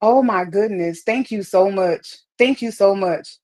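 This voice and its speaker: A woman with a mid-range, darkish voice speaks in an unhurried way. She's live streaming through a wireless earpiece, responding to viewers' comments with upbeat encouragement and repeating phrases for emphasis as part of motivational chat.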